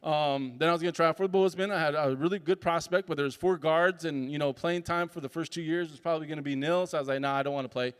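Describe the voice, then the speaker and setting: A man telling a personal story at a summit, lively and acting out the dialogue as he goes. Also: on the high side, fast talker, few pauses, clear, resonant tone. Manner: animated, acts out dialogue in the story. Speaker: speaker at a summit. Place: conference hall. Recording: long hall reverb.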